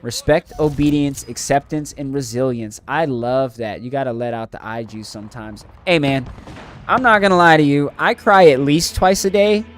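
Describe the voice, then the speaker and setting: A man's voice: medium pitch, normal speed, slight background noise. A man streaming a game, chatting earnestly and emotionally to his viewers, rambling with many fillers and restarts. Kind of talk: casual chat to live chat while gaming.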